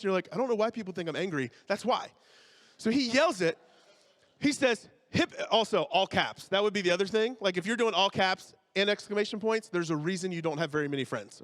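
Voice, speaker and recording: A man's voice: high voice, a bit bright. A man preaching a sermon as pastor, conversational and joking, often checking in with the congregation.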